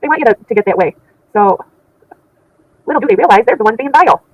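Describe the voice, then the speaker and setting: Fast-talking indignant woman streamer. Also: on the high side, animated, muffled recording. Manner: chatty, indignant, laughs often. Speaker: channel host reading chat. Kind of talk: casual livestream chat.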